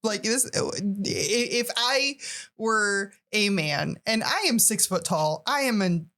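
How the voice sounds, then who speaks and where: A woman's voice: medium pitch, lively intonation, slow, a bit bright. Woman co-host laughing in casual chat. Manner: laughs often, talks things through. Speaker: podcast co-host.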